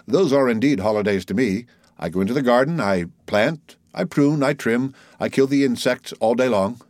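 A man's voice: mid-range voice, moderate pace, a little mellow, no echo, clean studio sound, natural voice. A man voicing a humble middle-aged telegraph keeper who is earnest, timid and respectful, in an audiobook reading. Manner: eager, anxious, respectful.

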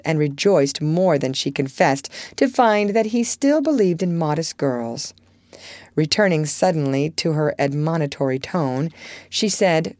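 A woman narrates a classic novel in a measured, storytelling manner. Her voice sits low, close and dry. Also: darkish tone, dry recording. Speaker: audiobook reader.

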